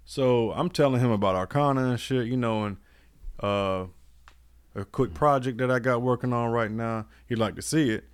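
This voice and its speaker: A man's voice: medium pitch, moderate pace, clear, resonant tone. A man co-hosting a podcast, telling stories in a laid-back way with lots of slang. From United States. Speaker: podcast co-host. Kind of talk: casual chat.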